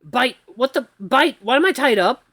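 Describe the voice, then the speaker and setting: A frantic young man yells and curses in a high, strained voice, as a man puts him on. The sound is close and dry, with no room around it. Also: animated, fast talker, dry recording, exaggerated voice. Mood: panicked. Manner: yelling, frantic, cursing. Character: panicked, foul-mouthed young man held captive.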